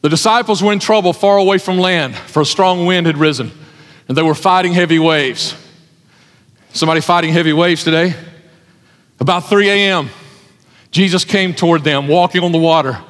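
A man's voice: a little high, moderate pace, pauses often, a bit bright. A man preaching a sermon as pastor, emphatic, repeating his phrases for effect. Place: church hall with an audience. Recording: long hall reverb.

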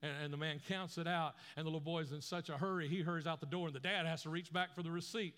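A man preaching a sermon, telling a story with lively acted-out voices. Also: fairly high pitch, quick pace. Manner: animated storyteller acting out voices. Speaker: pastor.

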